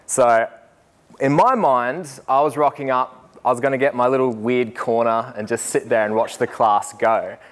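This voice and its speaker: Animated young man telling a story. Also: medium pitch, normal speed. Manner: animated, laughing, acts out voices in anecdotes. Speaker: student teacher. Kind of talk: storytelling talk.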